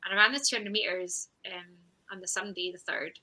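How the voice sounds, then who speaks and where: A woman's voice: medium pitch, fairly even intonation, a little fast, bright, forceful tone, low-quality recording. A woman being interviewed on a podcast, telling her story with animation and acting out her own past thoughts. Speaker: guest, champion sprinter.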